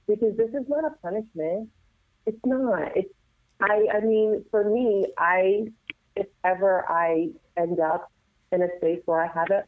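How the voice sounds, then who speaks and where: A woman working as a nurse and assisted living administrator, giving earnest caregiving advice as a guest and telling stories in a lively way. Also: fairly low pitch, no echo. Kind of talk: casual advice chat. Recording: tinny dry phone line.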